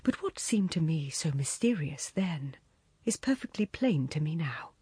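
A woman narrating a literary story in a hushed, intimate way, often close to a whisper, with a husky, breathy voice. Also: sits low, big pitch swings, a little slow, dry recording. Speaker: reader.

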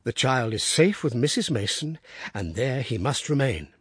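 A man voicing a worried, tender middle-aged father in an audiobook, low and earnest. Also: animated, normal speed, slightly rough, no echo, studio quality. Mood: anguished. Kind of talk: audiobook character reading.

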